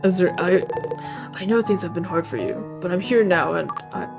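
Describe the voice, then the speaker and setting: Lady voicing a soft reassuring husband, game music behind. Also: fairly low pitch, normal speed, creaky. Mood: tender. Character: gentle, devoted older husband. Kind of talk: streamer voicing a visual novel.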